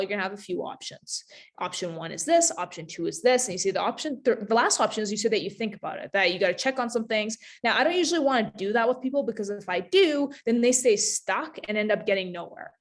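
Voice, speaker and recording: A woman business coach presenting a webinar in a casual, chatty way, talking straight to her audience and speeding up when she tells a story. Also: a little high.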